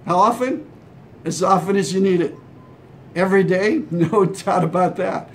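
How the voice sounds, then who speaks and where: High-voiced man giving a friendly sermon. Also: a little slow, slight background noise. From Hawaii. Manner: conversational preaching, acts out imagined replies. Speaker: pastor. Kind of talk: short devotional sermon.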